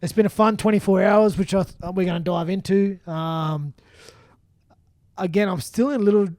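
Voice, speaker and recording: A man's voice: high-pitched, moderate pace, a little mellow, dry recording, clean studio sound. A man with an Australian accent, a podcast guest in casual chat, eager and tripping over his words. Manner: eager, stumbling restarts.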